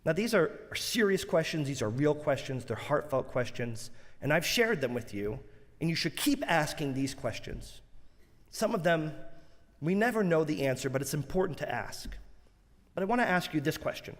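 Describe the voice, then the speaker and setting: A man's voice: a little high, big pitch swings, normal speed. Earnest preaching rabbi, man, echoing sanctuary. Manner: earnest, rhythmic preaching with emphatic alliteration. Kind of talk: sermon. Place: large synagogue sanctuary. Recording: long reverb of a large sanctuary.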